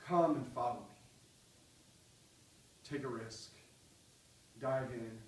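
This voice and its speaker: A man preaching a sermon with great passion, swinging from loud cries down to soft pleading. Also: mid-range voice, far from the mic, slight background noise. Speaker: pastor. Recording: echoey hall, voice from off the mic.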